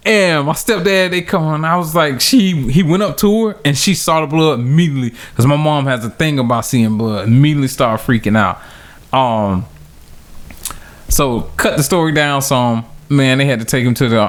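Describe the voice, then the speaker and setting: A man co-hosting a casual podcast, telling a childhood story with lots of laughter and acted-out quotes. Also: moderate pace. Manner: animated, laughs often, acts out quotes in high voice. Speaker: podcast co-host.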